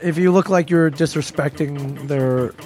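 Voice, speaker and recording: Man, fairly high voice, dry sound, faint music behind, teasing questions, podcast chat. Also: unhurried, darkish tone. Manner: teasing, joking, asks lots of questions. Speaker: podcast co-host. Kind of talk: casual chat.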